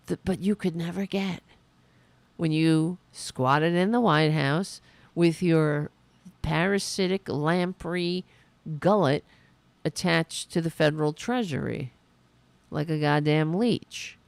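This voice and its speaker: Gravelly, slow-talking woman ranting. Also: low-pitched, darkish tone, dry recording. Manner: indignant, sarcastic, profane; mocking quoted voices. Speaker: podcast host. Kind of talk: political commentary rant.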